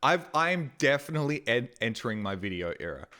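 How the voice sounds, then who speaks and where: A man's voice: medium pitch, big pitch swings, fairly quick, pushed and bright. A man chatting casually on a live stream, rambling and swearing with a self-deprecating edge, talking from a desk mic at home.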